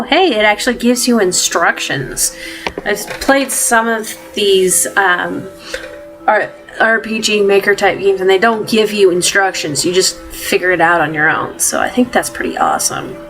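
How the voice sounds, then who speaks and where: Relaxed woman gamer narrating a first playthrough, unhurried and hesitant, over game music. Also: medium pitch. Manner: relaxed, hesitant, lots of fillers. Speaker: gamer playing a detective game. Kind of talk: casual let's-play commentary.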